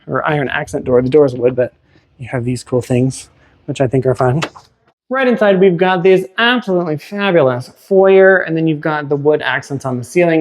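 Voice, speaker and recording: A man working as a realtor, narrating a casual walk-through of a house with chatty, enthusiastic exclamations as he moves from room to room. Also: on the high side. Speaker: realtor giving a home tour. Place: inside a house, walking room to room.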